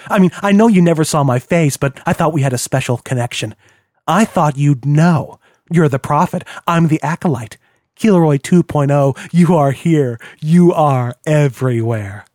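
A man's voice: a little high, unhurried, darkish tone, no room sound, clean studio sound, lightly acted. A man doing a smug, taunting young hacker villain. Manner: mocking, sneering.

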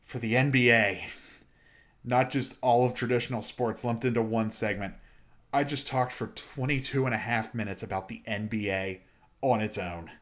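A young man hosting a solo sports and gaming podcast, chatty and excitable, breaking into exasperated rants. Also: medium pitch, normal speed. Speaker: podcast host.

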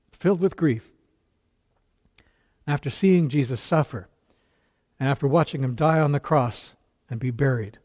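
A male pastor with a slightly high, dark voice preaches a sermon, earnestly retelling a story with quoted dialogue. He stumbles occasionally.

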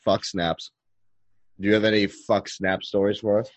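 A man's voice: on the low side, little pitch movement, moderate pace, no echo. A man in his thirties hosting a casual podcast, rambling in a laid-back way and chuckling as he talks. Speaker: podcast host. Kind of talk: casual chat.

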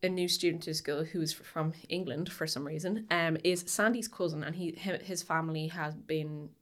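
A chatty young woman with a fairly low voice co-hosts a relaxed podcast about a film. She rambles a little, circling back with fillers and restarts as she gathers her thoughts, then pushes on with enthusiasm. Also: normal speed. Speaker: podcast co-host. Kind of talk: casual chat about a film.

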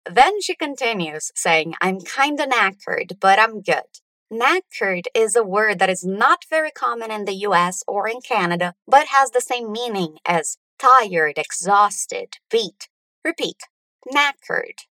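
A woman leads an English lesson, sounding out phrases slowly and carefully so learners can repeat them. Her pitch moves a lot, rising and falling as she stresses each word. The sound is close and dry, with no room echo. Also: lively intonation, pushed and bright. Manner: slow, deliberate, stretching out words for learners to repeat. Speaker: English pronunciation teacher.

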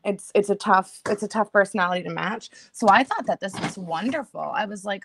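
A woman's voice: medium pitch, brisk, creaky, few pauses, slight background noise. A woman guest in an interview, earnestly describing herself and her experience. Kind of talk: casual interview.

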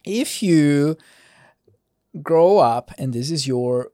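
Lively, animated Bible study teacher. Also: medium pitch, drawn-out words, dry recording, clean studio sound. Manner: conversational and lightly joking, with frequent restarts. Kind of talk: casual Bible study, reading scripture aloud with commentary.

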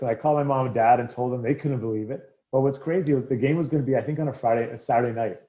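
A man's voice: mid-range voice, racing, few pauses. A middle-aged man, a former hockey player, telling casual anecdotes in an interview and acting out the quotes. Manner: animated anecdotes, acts out quotes. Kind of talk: casual storytelling.

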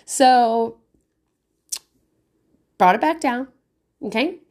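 A woman's voice: fairly high pitch, expressive, extremely slow, darkish tone. A woman in her thirties chatting casually about parenting, swearing freely, often laughing and saying "like". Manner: chatty, profane, laughing, lots of likes. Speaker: parent podcaster. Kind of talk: casual monologue.

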